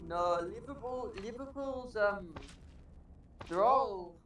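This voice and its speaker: A man's voice: high voice, takes it slowly, fairly bright tone. A British man chatting playfully on a livestream, self-deprecating and easygoing. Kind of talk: casual chat. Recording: echoey, distant, noisy call audio.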